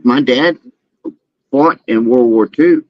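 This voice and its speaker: A man's voice: mid-range voice, slow, highs cut off. A man chatting casually, joking along and rambling through his own stories. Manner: joking, eager listener, rambling. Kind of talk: casual chat.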